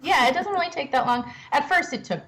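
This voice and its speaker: Young woman guest, chatty and self-deprecating, quick to laugh. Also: high-pitched, fairly bright tone, a little hiss or hum, poor audio. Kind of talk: casual interview chat.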